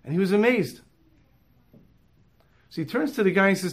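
A man telling a moral story in an animated way, dropping in Hebrew and Yiddish terms. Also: high-pitched, normal speed, long pauses.

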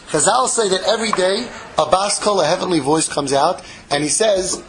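A man giving an impassioned Torah sermon, mixing Hebrew terms into English and swinging from loud pleading to hushed, intimate tones. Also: high-pitched, moderate pace, few pauses, slight background noise, poor audio. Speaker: rabbi giving a Torah class.

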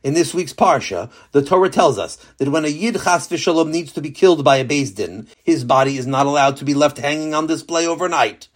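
A man narrating a children's story with a lesson at the end, lively and animated. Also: a little high, a little fast, few pauses.

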